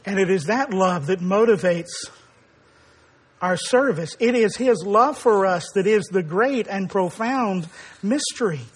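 A male preacher with a strikingly high voice delivers a sermon. He speaks with emphasis, pushing up to forceful declarations. When he tells a story, he acts out the quoted dialogue. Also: lively intonation, a little slow, husky.

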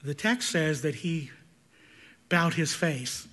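High-voiced male preacher. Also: animated, slow. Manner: preaches with swings from loud emphasis to quiet intensity. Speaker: pastor. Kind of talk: sermon.

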